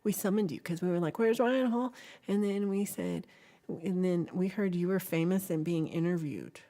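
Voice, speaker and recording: A woman's voice: fairly low pitch, animated, normal speed, warm tone. A woman hosting a casual livestream chat, playful and giggly, now and then dropping into whispers as she talks to her viewers. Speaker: livestream host.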